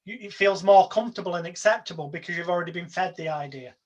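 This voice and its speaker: Male guest, high voice, persuasive, emphatic. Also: quick pace. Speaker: hypnotist guest. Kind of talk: casual interview talk.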